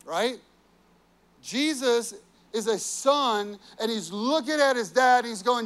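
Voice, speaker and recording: A man's voice: extremely high pitch, expressive, slow, a bit bright, clean tone. A man preaching a sermon, earnest and personal, telling family stories with frequent "you know"s. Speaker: pastor.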